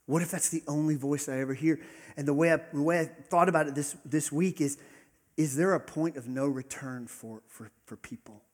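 A man preaches to his congregation in an earnest, searching sermon, pushing hard on key words and then falling quiet. His voice sits a bit high with a husky edge, and the church hall around him rings with a long echo. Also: moderate pace. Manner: earnest, building to emphatic peaks then dropping soft. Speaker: pastor. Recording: long reverb of a large hall.

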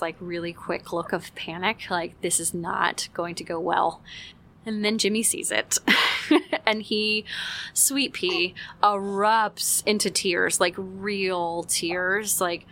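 A mother telling a parenting story in a casual teaching talk, animated, with frequent "like" and quick acted-out quotes. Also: medium pitch.

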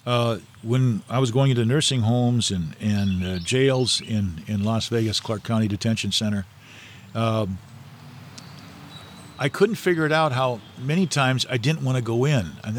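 A man's voice: mid-range voice, measured pace, a little hiss or hum. A middle-aged man, a guest in an interview, telling stories in a rambling, anecdotal way with many fillers and restarts. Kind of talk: casual storytelling interview.

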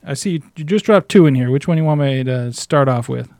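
A man's voice: medium pitch, animated, a little fast, darkish tone, no echo, clean studio sound. Joking man co-hosting a podcast. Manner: joking, rambling, laughs often. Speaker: podcast co-host. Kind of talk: casual chat.

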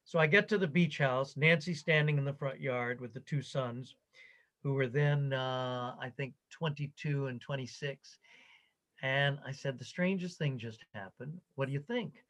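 In a rough recording, an older interviewee recounts his career at a normal speed with a medium-pitched voice. He's lively in the conversation and keeps quoting what others said.

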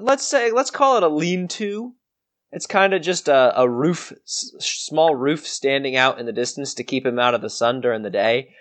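A man's voice: medium pitch, animated, moderate pace, a bit bright. Rambling male game master. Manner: rambling, hesitant, many fillers and restarts. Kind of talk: narrating a tabletop game.

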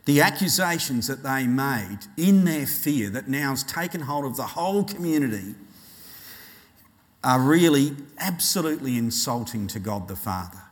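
A man preaching a sermon, telling a personal story and acting out voices with animated delivery. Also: medium pitch, moderate pace, in a large hall. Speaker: pastor.

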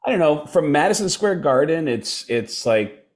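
Animated storytelling comedian, man. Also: fairly high pitch, moderate pace. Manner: animated, slips into impressions of others. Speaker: comedian guest. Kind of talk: casual storytelling.

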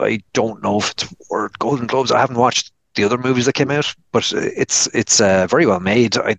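A man's voice: medium pitch, brisk, vocal fry, a bit bright, no room sound. A man with an Irish accent, chatting casually as co-host of a film review podcast; he rambles, restarts often and acts out his own thoughts in quoted asides.

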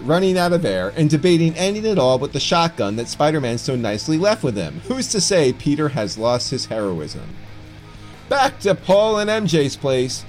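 A man's voice: on the high side, sing-song, normal speed, soft background music. A man co-hosting a fan podcast who recaps the story with wry, sarcastic asides and speaks with a slight lisp. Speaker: podcast co-host. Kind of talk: casual podcast chat and plot recap.

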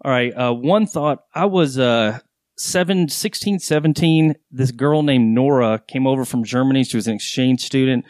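A man's voice: medium pitch, normal speed, a little mellow, no echo. A man hosting a podcast, telling long candid stories in casual chat, with some swearing. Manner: rambling, candid storyteller with swearing. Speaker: podcast host.

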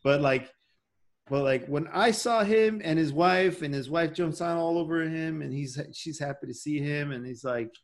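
A man's voice: a little high, moderate pace. A man hosting a podcast in casual chat, rambling and emotional as he talks. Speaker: podcast host.

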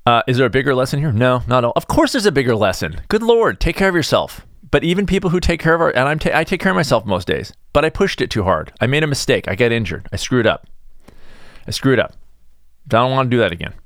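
A middle-aged man hosting a casual solo podcast, rambling through self-deprecating asides and animated tangents. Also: medium pitch, fast, hardly any pauses, dry recording, clean studio sound. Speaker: podcast host.

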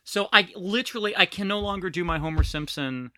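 Bright, animated trans woman podcast host. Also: fairly low pitch, brisk, no room sound. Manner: animated, scatterbrained, self-mocking. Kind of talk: casual chat.

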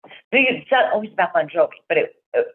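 A woman's voice: fairly low pitch, animated, fairly quick, slightly rough. A middle-aged woman in casual chat, telling a rambling fan story and acting out the voices of the people in it. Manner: chatty storyteller, acts out quoted voices. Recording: tinny phone line.

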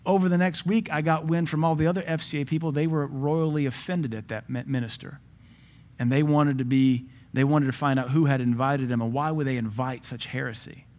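A man's voice: medium pitch, steady tone, fairly quick, a little mellow. A man preaching a sermon, telling personal stories in a conversational way.

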